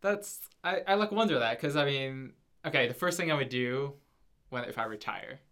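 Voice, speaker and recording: A man's voice: mid-range voice, expressive, normal speed, fairly bright tone. A young man co-hosting a casual podcast, talking in a hesitant way with many fillers and restarts and ending points with "right?". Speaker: podcast co-host. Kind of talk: casual conversation.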